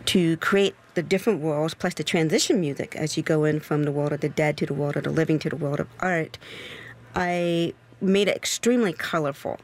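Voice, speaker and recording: An opera composer answering interview questions in an enthusiastic, expressive way, with the pace speeding up and slowing down. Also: mid-range voice.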